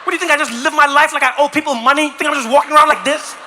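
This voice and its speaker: A man from South Africa doing stand-up comedy, animated and acting out voices and sounds. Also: very high voice, racing, a little hiss or hum. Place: live comedy venue.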